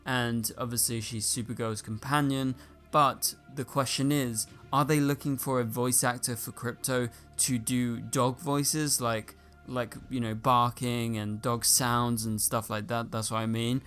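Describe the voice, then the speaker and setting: A man talks casually to his viewers about casting news, in a voice that stays flat and even in pitch. His speech is loose and chatty, full of fillers. Soft music plays faintly behind him. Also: a little slow. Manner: chatty, filler-heavy with frequent "like" and "you know". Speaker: YouTube host. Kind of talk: casual commentary.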